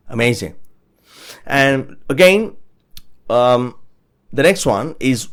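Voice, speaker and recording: An upbeat man teaches a spoken English lesson at a middle pitch. He says each everyday phrase slowly and repeats it so listeners can copy it. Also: lively intonation.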